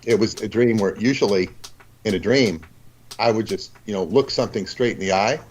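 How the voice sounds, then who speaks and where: Deep-voiced rambling man in conversation. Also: a little hiss or hum, poor audio. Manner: rambling, halting, many restarts. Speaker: guest. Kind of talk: casual conversation.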